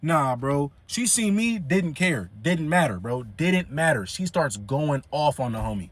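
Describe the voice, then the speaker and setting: A young man tells a story to the camera in a high, lively voice full of slang and fillers. His pitch bounces around constantly, and the sound is close and dry. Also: unhurried, few pauses, no echo. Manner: animated, slangy, frequent fillers. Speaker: vlogger. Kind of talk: casual storytelling.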